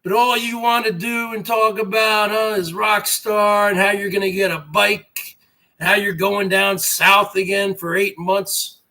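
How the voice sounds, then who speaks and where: A man's voice: high-pitched, little pitch movement, measured pace, bright, forceful tone. A man hosting an online show, delivering a mocking, repetitive rant at rivals and calling them brother. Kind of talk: ranting monologue to viewers.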